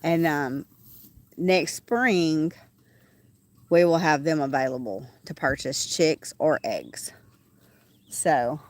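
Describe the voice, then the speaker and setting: A woman talks in a chatty, rambling way, with plenty of "um"s, and her voice sits a touch low. She is outdoors on a small farm during a casual livestream, and roosters and farm animals faintly crow and call behind her. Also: lively intonation, takes it slowly, pauses often, a little hiss or hum. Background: roosters crowing and farm animals.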